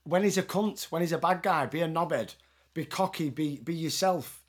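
A man's voice: a little high, moderate pace, breathy edge. A man, co-hosting a casual podcast, blunt and sweary, arguing his point. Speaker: podcast co-host.

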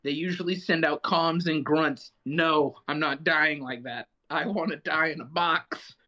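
A man co-hosting a casual veteran chat show, ranting in animated, mock-indignant bursts. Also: fairly high pitch, unhurried, muffled recording. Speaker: podcast co-host, Marine veteran. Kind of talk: casual banter.

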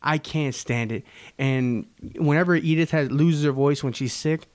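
A man's voice: fairly high pitch, measured pace. A man co-hosting a podcast in casual chat, joking and teasing with frequent swearing. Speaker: podcast co-host.

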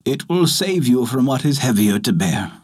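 A man voicing a gentle dying mother in a told folktale, speaking tenderly. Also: mid-range voice, very animated, normal speed, breathy edge.

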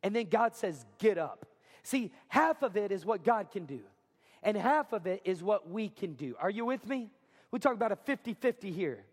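A man's voice: high-pitched, big pitch swings, normal speed, slightly rough. A man preaching a sermon as pastor, talking conversationally, often asking the congregation questions and acting out quotes. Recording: hall reverb.

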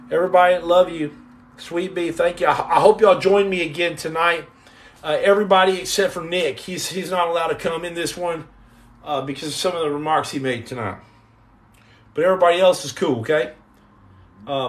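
Middle-aged male streamer, fairly high voice, energetic and joking, answers chat directly. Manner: lively, jumps between jokes and chat shout-outs. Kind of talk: casual live-stream chat.

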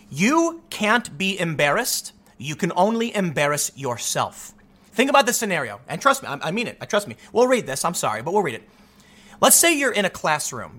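Young male host, high bright voice, sarcastic and animated, mocks people in funny voices. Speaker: commentary show host. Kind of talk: opinionated political commentary monologue.

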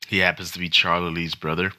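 A man's voice: sits low, level tone, fast, pushed and bright, clear, resonant tone. A man co-hosting a casual crypto news podcast, joking and rambling with self-conscious asides. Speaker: podcast co-host.

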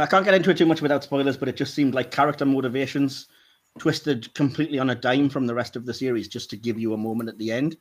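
Man, middle pitch, slightly hoarse, wry, laughs a lot, podcast chat. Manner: candid, laughs often, wry. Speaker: podcast co-host.

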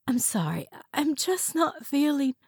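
A woman's voice: high voice, expressive, a little slow, dry recording, studio quality, pitched above the performer's own voice. A woman voicing an ailing, fretful older housewife who sounds strained and pleading, in a storybook reading.

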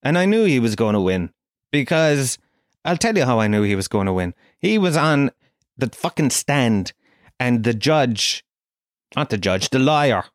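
A man's voice: medium pitch, normal speed, dry recording, studio quality. An Irish man in his forties with a Kerry accent, telling a profane, incredulous comic rant. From Ireland. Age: 40s. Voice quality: animated, incredulous, swearing freely.

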